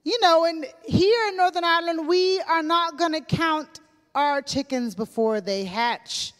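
A woman's voice: very high-pitched, a little slow. A woman preaching a conversational sermon to a church, telling stories with casual fillers. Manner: chatty storytelling with casual fillers. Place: church hall. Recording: long church hall reverb.

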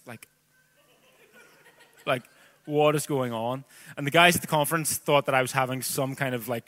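A man's voice: medium pitch, a bit bright. A man in his thirties with a Northern Irish accent, preaching a sermon that moves from scripture reading into a chatty personal story full of casual asides. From Northern Ireland.

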